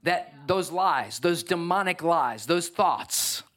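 A man preaching a sermon, building to emphatic, energetic exhortation. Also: on the high side, slow. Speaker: pastor.

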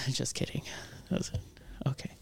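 Creaky, dry-voiced young man bantering. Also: medium pitch, unhurried, dry recording, in a whisper. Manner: joking, profane, calls people bro. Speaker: podcast co-host. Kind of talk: casual banter.

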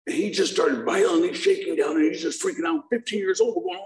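A man's voice: sits high, animated, quick pace, few pauses. Man telling a joking story in an echoey room. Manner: joking, conversational, puts audience questions. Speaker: speaker sharing his recovery story. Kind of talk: humorous personal storytelling to a live audience.

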